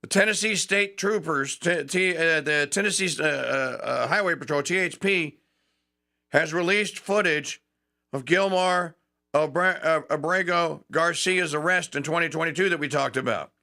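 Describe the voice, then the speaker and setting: A man hosting a talk radio show, ranting and sarcastic. He shifts between fast bursts and slow, stressed phrases. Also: a little high, bright, forceful tone. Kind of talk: opinionated talk radio monologue.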